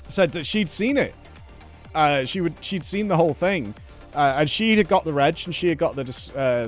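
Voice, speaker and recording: A man in casual chat, rambling through a story with frequent swearing and nervous laughs. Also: sits high. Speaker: show host.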